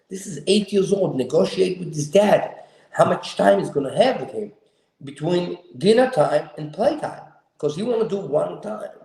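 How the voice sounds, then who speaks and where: A man's voice: on the high side, gravelly, dark tone. Earnest man in a roomy room. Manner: earnest, emphatic, slightly non-standard grammar. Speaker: show host. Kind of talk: heartfelt personal storytelling. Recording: roomy echo.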